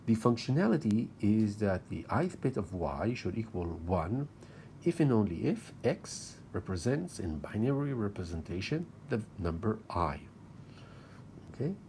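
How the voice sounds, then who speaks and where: A man's voice: fairly low pitch, big pitch swings, unhurried, darkish tone, slight background noise. A man lecturing at university level, explaining step by step as he talks through drawings on slides.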